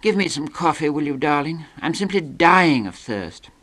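A man's voice: on the high side, lively intonation, moderate pace, a bit bright, voice pushed up. A man voicing a flighty young English woman, a cabaret singer who gushes and coos theatrically. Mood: gushing. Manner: gushing, breathy stage coos.

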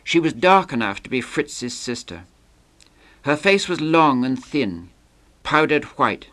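A man reads a novel aloud, in a measured and understated way. His voice sits at a middle pitch for a man. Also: sing-song, a bit bright. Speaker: reader.

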